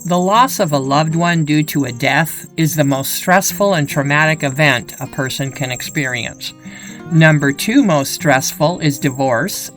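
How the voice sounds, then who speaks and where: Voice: medium pitch, a bit bright, poor audio. A channel host narrating voice-over commentary in an earnest, explanatory manner.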